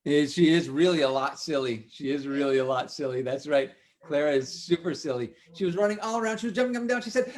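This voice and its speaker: A man's voice: a little high, fast. A man leading a children's music session, telling a playful story and asking the kids questions. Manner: animated, question-and-answer with kids.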